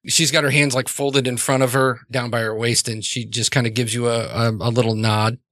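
A man's voice: medium pitch, flat delivery, a little fast, a bit bright, no room sound. A man narrating as game master in a casual, rambling way, with many fillers.

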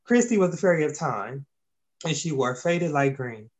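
A man's voice: a little high, expressive, moderate pace. A man reading an amateur fantasy story aloud, stumbling and correcting himself as he goes. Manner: reads with slips and self-corrections. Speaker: narrator.

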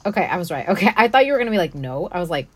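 Podcast co-host, woman, laughs easily, very lively pitch. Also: very fast, slightly rough. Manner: giggly, animated banter. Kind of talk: casual chat.

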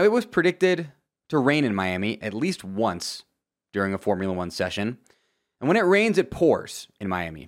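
A young man from Florida giving a casual, joking race recap with lively asides and sudden loud outbursts. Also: fairly low pitch. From Florida, USA. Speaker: motorsport commentator. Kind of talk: casual video commentary.

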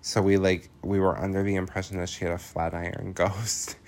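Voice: deep voice, flat delivery, a little fast, darkish tone. A podcast host casually recapping a film, chatty and loose, full of fillers, laughing and swearing freely.

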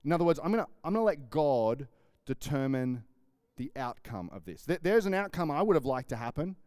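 A man preaching a sermon, telling a story and acting out the people in it with lively, conversational energy. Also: fairly high pitch, fairly quick, dry recording, studio quality. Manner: animated storytelling, acts out quoted lines. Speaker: pastor.

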